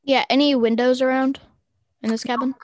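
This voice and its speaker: A playful woman playing a tabletop game, chatting and joking with the game master. Her voice sits a little high for a woman and is recorded dry and close. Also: little pitch movement, normal speed, darkish tone, no room sound. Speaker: player.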